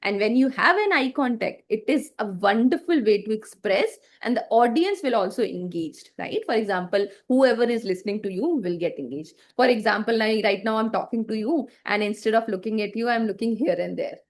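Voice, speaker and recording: A woman with a somewhat high voice gives an online class lecture over a video call. She explains step by step, checks in often with questions to her listeners, and acts out bad examples to show what not to do. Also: animated, a little fast, few pauses. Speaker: teacher.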